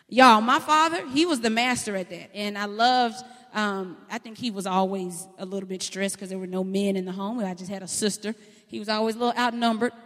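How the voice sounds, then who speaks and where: A woman preacher, delivering a sermon in a folksy, animated storytelling way. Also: a little high. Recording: long hall reverb.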